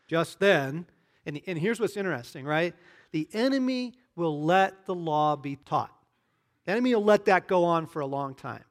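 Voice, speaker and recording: A male pastor delivers a conversational sermon, frequently checking in with "right?" and "okay?" and breaking into animated bursts. His voice is pitched a little high.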